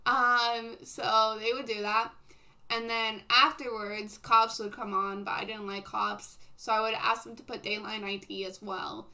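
A young woman with a bright, fairly high voice chats casually with her stream's viewers. She rambles and laughs often and fills her speech with "like" and "um." It sounds like an easygoing livestream. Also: level tone, measured pace. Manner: filler-heavy, says "like" and "um" a lot.

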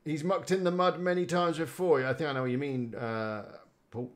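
A man's voice: fairly high pitch, fairly even intonation, a little fast. A man chatting casually on a live stream, rambling and greeting viewers by name. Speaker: live-streaming website builder.

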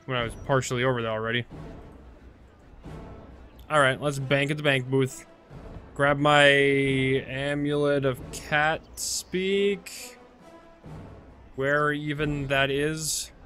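A man's voice: medium pitch, fairly even intonation, slow, long pauses, sharp tone, faint music behind. A man casually commenting on his own gameplay, rambling, chatty and full of fillers as he corrects himself. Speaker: video game let's-play host.

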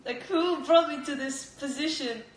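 A young Australian woman who fights is livestreaming a casual chat from her kitchen via her phone camera. Her high voice moves at a moderate pace; she's rambling and giggly with lots of "like," and the sound carries a roomy kitchen echo.

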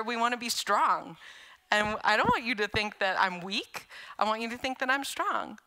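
A woman giving a sermon as a guest speaker in a church, preaching in a conversational, animated way with casual asides to the congregation. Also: medium pitch. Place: church sanctuary.

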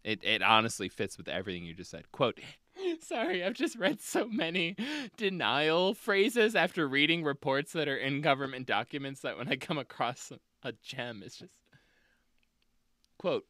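Animated, laughing podcast host. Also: mid-range voice, normal speed, no room sound, studio quality. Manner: animated, swears freely, laughs often. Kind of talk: casual conversational podcast chat.

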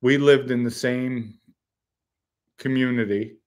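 A man's voice: medium pitch, steady tone, takes it slowly. A man from the Bronx, casually telling blunt, profane stories on a podcast and laughing at his own jokes. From the Bronx, New York. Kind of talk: casual storytelling chat.

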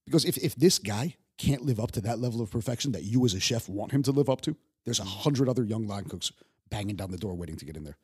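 A young man from New York with a New York accent, a chef talking in a casual podcast conversation, profane and animated, restarting his sentences often. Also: lowish voice, quick pace, breathy edge. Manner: profane, animated storyteller with many stammered restarts. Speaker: guest chef.

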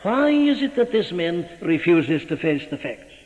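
A man's voice: high voice, very animated, unhurried, darkish tone. Male preacher, emphatic pulpit style, long church reverb on a dull old recording. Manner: emphatic, rhetorical questions to the listener. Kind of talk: sermon.

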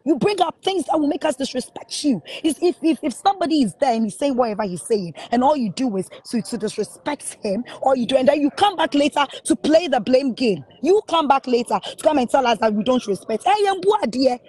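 Angry high-voiced Ghanaian woman ranting. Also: lively intonation, brisk, few pauses, a little mellow, breathy edge. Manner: angry, scolding, repeats her questions. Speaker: music promoter. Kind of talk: heated live rant.

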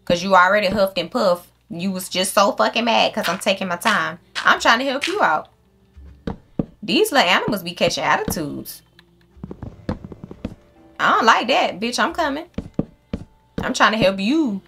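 A woman's voice: mid-range voice, sing-song, normal speed, vocal fry, long pauses, bright, forceful tone, faint music behind. A woman hosting a casual game playthrough, chatting and swearing freely at her viewers and talking to the animals in the game. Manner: chatty, profane, talks straight to viewers. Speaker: gaming channel host. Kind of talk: casual let's-play commentary.

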